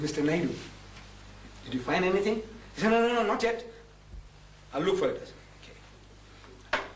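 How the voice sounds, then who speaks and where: This high-voiced man gives an energetic storytelling talk before a live audience, voicing both people in each exchange and laughing softly as he goes. The sound is distant and echoey, with slight background noise.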